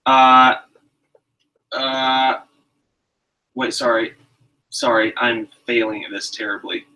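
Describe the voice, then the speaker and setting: Brief: lively, bright-voiced man co-hosting a casual cooking live stream, picked up from a distant mic. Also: medium pitch, takes it slowly. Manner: animated, laughs at himself, slips into voices. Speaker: co-host, reading viewer questions.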